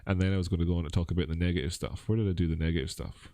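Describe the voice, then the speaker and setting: A Scottish man hosting a live crypto chart stream, rambling and self-mocking, his voice a bit rough. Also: sits low, fairly even intonation, rapid-fire, mellow, dry recording, studio quality. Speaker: crypto livestream host. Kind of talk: casual live chart analysis.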